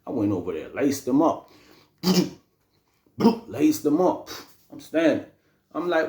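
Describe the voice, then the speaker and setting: Young man, casual storytelling, slangy, repeats himself, higher pitch, roomy echo. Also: takes it slowly, gravelly, pauses often. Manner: animated, slangy, repeats phrases.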